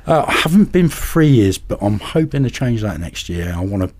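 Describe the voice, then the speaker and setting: Husky man telling fishing stories. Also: lowish voice, a little fast. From England. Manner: animated, acts out other people's voices in anecdotes. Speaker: podcast guest, carp angler. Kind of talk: casual storytelling.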